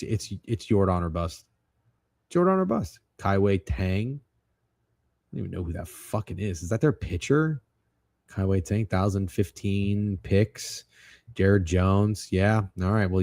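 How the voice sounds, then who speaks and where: A young man hosting a sports betting livestream, talking casually and excitably, swearing often and rambling through restarts as he runs through his picks. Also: lowish voice, no room sound, clean studio sound. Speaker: sports betting show host.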